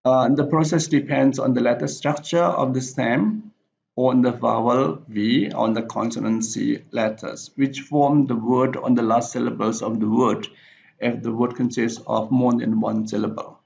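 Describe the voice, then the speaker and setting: A male teacher giving a recorded slide lecture, halting with frequent fillers and self-corrections. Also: medium pitch, steady tone, vocal fry, darkish tone, slight background noise. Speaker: English teacher. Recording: dull lo-fi recording.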